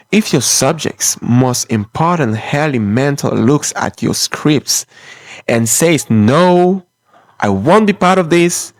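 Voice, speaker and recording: A man's voice: mid-range voice, no room sound. A man delivering an impassioned, opinionated film commentary monologue in short, punchy phrases.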